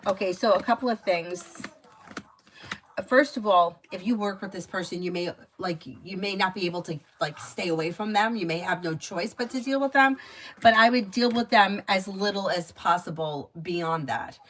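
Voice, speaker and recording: A woman's voice: medium pitch, normal speed, a bit bright, slight background noise, rough recording. A woman giving tarot readings on a casual live stream, chatty and advice-giving, with lots of filler words. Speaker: tarot reader.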